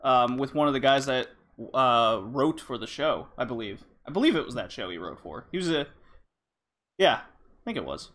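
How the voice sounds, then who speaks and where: A man's voice: medium pitch, sing-song, moderate pace, fairly bright tone. A man hosting a casual gaming podcast, talking loosely with many fillers. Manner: rambling, with frequent fillers. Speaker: podcast host.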